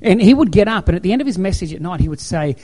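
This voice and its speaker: A male pastor delivering a sermon with a somewhat high but mellow, warm voice. He tells his stories emphatically and keeps repeating key phrases for weight. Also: animated, rapid-fire. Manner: emphatic, repetitive storytelling preacher.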